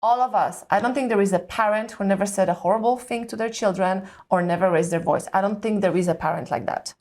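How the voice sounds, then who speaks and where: Woman parenting coach guest, mid pitch, calm and reflective. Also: fast talker. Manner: calm, reflective, frequent murmured agreement. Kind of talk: conversational interview.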